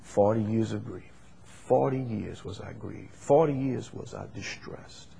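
Preaching a Bible study, this man has a husky voice pitched on the low side. His delivery climbs to forceful, repeated lines, then drops back into soft, hesitant explaining.

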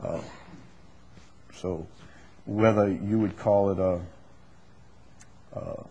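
A man with a husky voice preaches a Bible study. He builds to loud, emphatic repeated phrases and then settles into quiet, halting explanation. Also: low voice, steady tone, lo-fi sound.

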